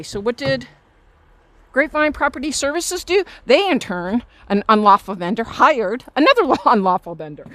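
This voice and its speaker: Filming on her phone as she walks outdoors through her residential park, a woman points out problems in an indignant, accusing walking-tour vlog of complaints. Her voice sits on the high side, with slight background noise.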